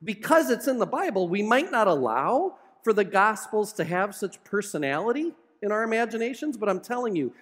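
A male pastor preaching a sermon with animated, dramatic storytelling and humor. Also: high voice, a little fast, few pauses, long reverb tail.

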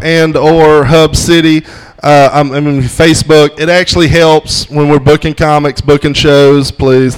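A man's voice: a little high, smooth. A man hosting a comedy open mic, hyping the crowd and introducing the next comic. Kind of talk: emceeing comedy show.

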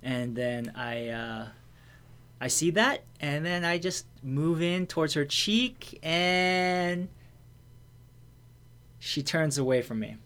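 A man's voice: a little high, slow, long pauses, fairly bright tone, clean tone. An American man telling a personal story in casual conversation. He talks candidly, swears freely and fills his speech with restarts and fillers.

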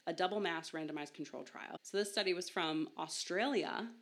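A woman's voice: fairly low pitch, normal speed. A young woman hosting a science podcast, talking casually with a chatty, self-deprecating manner and frequent laughs. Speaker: podcast host.

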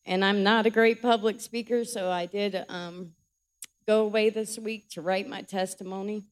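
A woman reading her prepared testimony to a church congregation, nervous and emotional, speaking softly. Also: mid-range voice, steady tone, normal speed. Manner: nervous, emotional, soft-spoken. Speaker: church member giving testimony. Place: church sanctuary.

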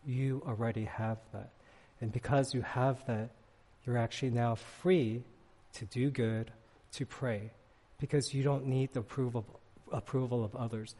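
A man's voice: medium pitch, measured pace, in a large hall. A middle-aged man preaching a sermon to a congregation in a church, talking in a conversational way and often checking in with "right?" while he tells stories. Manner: conversational, animated storytelling with frequent "right?" asides. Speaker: pastor. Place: church sanctuary.

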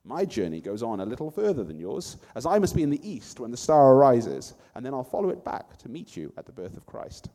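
A man's voice: medium pitch, big pitch swings, a little fast, hardly any pauses, mellow, in a large hall, lightly acted. A man voicing a grand, learned wise man who speaks in a stately, explaining way.

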